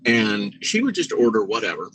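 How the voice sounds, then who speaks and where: A middle-aged man co-hosting a podcast, telling a story in a casual, profane, animated way. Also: moderate pace, a little hiss or hum, poor audio. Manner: animated, profane, jumps into high voices for quotes. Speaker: podcast co-host.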